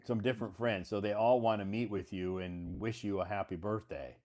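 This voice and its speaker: A man's voice: on the low side, steady tone, brisk, darkish tone. A man hosting a casual English conversation lesson, encouraging the learner and rephrasing her answers. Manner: encouraging, rephrases and corrects the student. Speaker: English teacher, host.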